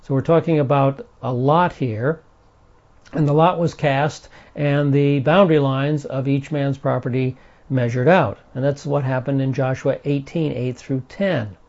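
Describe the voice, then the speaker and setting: A man's voice: mid-range voice, steady tone, measured pace, a little mellow. A man teaching the Bible verse by verse, explaining carefully, repeating key points and checking in with "okay". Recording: dull lo-fi recording.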